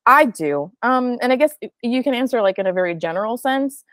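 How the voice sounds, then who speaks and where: A woman's voice: a little high, fairly quick. A woman hosts a casual book discussion, posing her questions in a loose, rambling way. Her voice sounds dry and close, with no room echo. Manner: relaxed, rambling, restarts.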